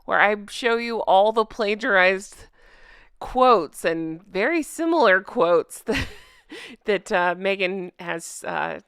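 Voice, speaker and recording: Sarcastic woman vlogger, smooth close voice. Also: medium pitch, takes it slowly, no room sound. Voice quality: self-described drunk-goose voice. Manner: sarcastic, animated, laughs often. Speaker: royal commentary vlogger. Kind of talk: casual sarcastic commentary.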